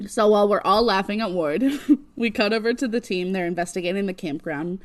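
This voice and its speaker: A woman co-hosting a podcast, recapping casually in an animated way that keeps breaking into laughter and acting out characters' lines. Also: mid-range voice, fairly quick. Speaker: podcast co-host.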